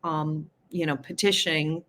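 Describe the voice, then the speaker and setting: Chatty woman candidate, slightly low voice. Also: fairly even intonation, fairly bright tone, a little hiss or hum. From New York City. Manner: chatty, quick asides, laughs at her own points. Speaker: city council candidate. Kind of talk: casual interview chat.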